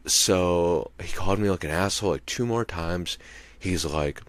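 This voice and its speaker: A man's voice: deep voice, measured pace, dry recording. A man hosting a podcast, telling a rambling, profane story in a casual monologue and often checking in with the listener. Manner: rambling, profane, keeps asking "you know what I mean". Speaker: podcast host and comedian.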